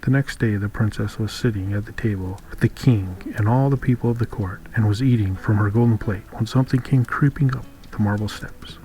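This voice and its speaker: A man reading a fairy tale aloud in calm, measured scripted narration. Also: lowish voice, slight background noise, poor audio. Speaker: audiobook reader.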